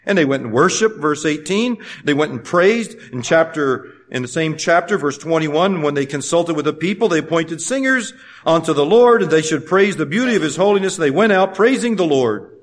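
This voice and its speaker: A middle-aged man preaching a sermon. He moves between loud, fervent exhortation and quiet, conversational storytelling. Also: fairly high pitch, lively intonation, normal speed.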